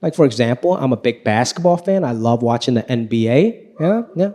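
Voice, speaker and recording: A man performing live stand-up comedy, telling stories with high energy. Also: a little fast. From Los Angeles. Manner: animated, high-energy storytelling. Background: audience laughing.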